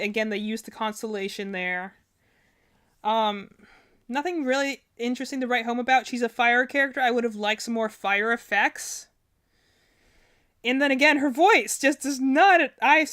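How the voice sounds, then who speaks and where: A woman with a slightly raised pitch chats through a live stream as she reacts to game trailers. She rambles, backtracks and fills her sentences with "like" and "um". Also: moderate pace, a bit bright. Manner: chatty, rambling, many fillers and self-corrections. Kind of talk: casual live-stream commentary.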